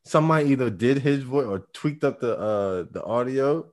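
A man's voice: medium pitch, animated, normal speed, darkish tone. A man co-hosting a casual chat, profane and teasing, laughing often. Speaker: podcast co-host.

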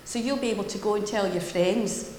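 A woman minister leading a prayer and giving a playful, animated children's talk in a church service. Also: medium pitch, fairly quick, a little hiss or hum. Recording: echoey church hall with long reverb.

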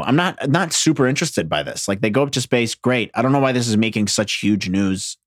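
A man from New Jersey talking off the cuff in a casual monologue, sarcastic and quick to swear. His pitch bounces around with lively swings as he riffs, and he laughs at his own jokes. The sound is close and dry, with no room echo. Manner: rambling, profane, sarcastic, self-deprecating.

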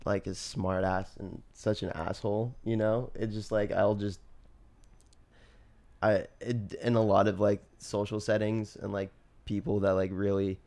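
A man's voice: fairly low pitch, level tone, measured pace, darkish tone. A young man co-hosting a casual podcast chat, rambling with lots of fillers and restarts, laughing often. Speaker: podcast co-host.

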